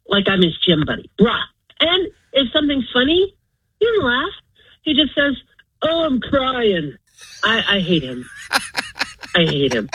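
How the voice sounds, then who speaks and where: A woman's voice: medium pitch, slightly rough, no echo. A woman in her forties calling into a radio show, venting in an exaggerated, exasperated way over a muffled phone line. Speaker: caller. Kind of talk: call-in radio chat.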